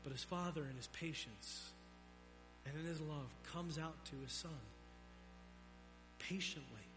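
A man preaching a sermon, swinging between loud emphatic peaks and low, quiet drops. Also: a little slow, over music. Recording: long reverb of a large hall.

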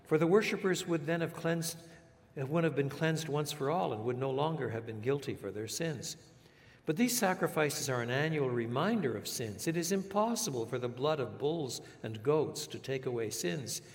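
An older French Canadian man, raised bilingual in English and French, delivers a teacherly sermon full of rhetorical questions and repeated words. His mid-range voice is expressive and moves at a moderate pace, with the long reverb of a large hall around it.

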